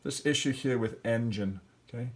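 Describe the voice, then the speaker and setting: A man's voice: mid-range voice, moderate pace. A male teacher walking through grammar and spelling exercises step by step, thinking aloud with fillers. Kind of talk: classroom lesson walkthrough.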